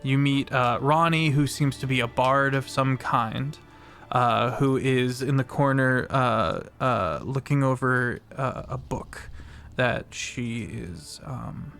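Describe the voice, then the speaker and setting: Male game master, halting narration, mid-pitched voice, faint music behind. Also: creaky, fairly bright tone. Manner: halting, many fillers, laughs easily.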